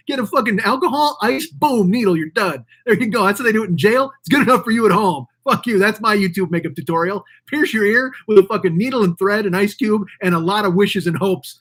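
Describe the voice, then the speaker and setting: A man's voice: high voice, animated, fairly quick, hardly any pauses, a bit bright, husky. A man hosting his own show, ranting in a profane, rambling, mocking way. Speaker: podcast host. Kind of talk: casual ranting monologue.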